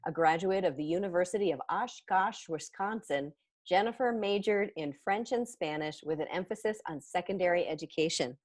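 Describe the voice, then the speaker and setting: A woman's voice: lowish voice, moderate pace. A woman hosting a podcast interview, reading a prepared introduction and then asking questions in a friendly, chatty way. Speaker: podcast host.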